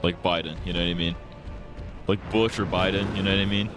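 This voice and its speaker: A man's voice: low voice, fairly even intonation, brisk, over music. A man streaming a game, rambling casually and swearing constantly. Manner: profane, rambling, muttered curses. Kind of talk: casual livestream commentary while gaming. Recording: loud game gunfire behind.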